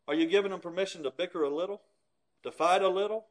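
Preacher, male, very high voice, emphatic teaching sermon delivery. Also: fast. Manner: emphatic, explains scripture with everyday examples.

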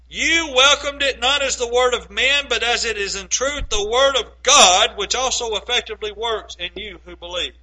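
A man preaching a sermon, quoting scripture and swinging between loud, emphatic phrases and low, quiet asides. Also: rough recording.

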